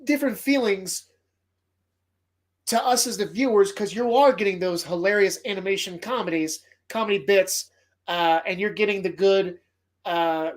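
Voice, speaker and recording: Male podcast host, casual movie talk, animated, swears a lot, gets choked up. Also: sits high, normal speed. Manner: animated, profane retelling of movie scenes; emotional, choked up at times.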